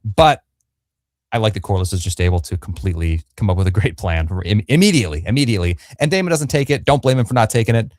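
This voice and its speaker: A man's voice: on the low side, expressive, fast talker, a little mellow, dry recording, studio quality. A man co-hosting a casual livestream review, talking in a joking, emphatic, playful way. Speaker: podcast co-host. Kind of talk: casual fan review chat. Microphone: livestream microphone.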